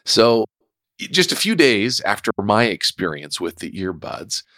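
A man's voice: lowish voice, big pitch swings, measured pace, fairly bright tone, no room sound, studio quality. A man hosting his own podcast, telling a personal story in a reflective, conversational way. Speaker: podcast host. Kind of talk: solo podcast monologue.

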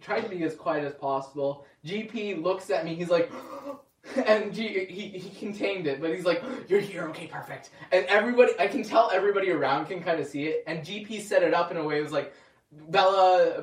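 A young man with a high voice tells a lively story in a roomy space, a bit away from the mic. He laughs often and jumps up in pitch when he acts out what people said. It's casual and animated. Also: distant mic. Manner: excited, laughing storyteller who acts out quotes. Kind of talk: casual chat.

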